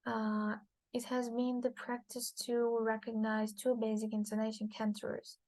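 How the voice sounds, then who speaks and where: Woman lecturer reading slides, first language Turkish, flat, gravelly, halting delivery. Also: on the high side, no room sound, low-quality recording. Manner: halting, with frequent uh fillers and restarts. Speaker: linguistics lecturer.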